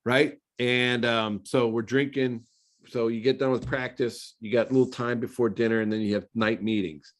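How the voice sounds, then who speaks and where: A middle-aged man, a former pro quarterback, telling stories in a relaxed, conversational interview full of fillers. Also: mid-range voice, normal speed. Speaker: former NFL quarterback, guest. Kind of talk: casual storytelling interview.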